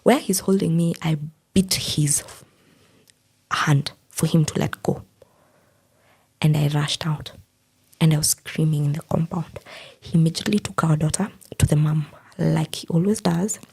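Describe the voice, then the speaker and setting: A woman's voice: low-pitched, fairly even intonation, measured pace, gravelly, darkish tone, breathy edge. A young woman earnestly recounting a painful personal story, quoting what others said to her. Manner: earnest, quotes others' words as she tells it. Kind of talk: personal account in an interview.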